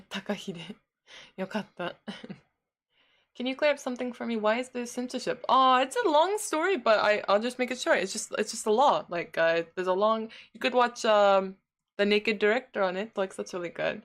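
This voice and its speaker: A woman's voice: mid-range voice, lively intonation, normal speed, fairly bright tone. A woman livestreaming from home, casually chatting and answering viewer messages, laughing often.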